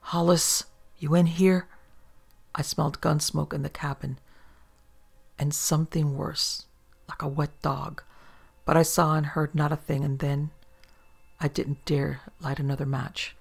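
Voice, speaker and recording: Man, horror story narrator, very gravelly voice, flat, hushed. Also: a little high, measured pace, long pauses.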